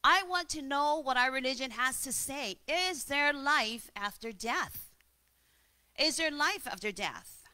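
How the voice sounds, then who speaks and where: Woman playing a grieving young widow, soft, hesitant, slightly high, bright. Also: lively intonation, unhurried, heavily acted. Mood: troubled.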